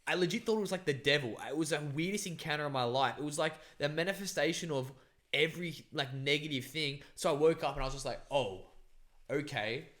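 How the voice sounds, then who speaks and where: A man's voice: on the high side, brisk, a bit bright. A young man telling a rambling story on a podcast, full of filler words and swearing. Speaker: podcast co-host. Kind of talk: casual storytelling chat.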